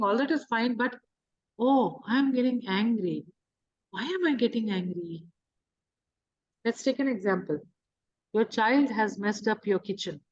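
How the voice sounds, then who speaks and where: Woman, spiritual teacher, higher voice, explanatory talk with rhetorical questions, dull lo-fi audio. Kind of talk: teaching talk on emotions and manifestation. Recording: dull lo-fi recording.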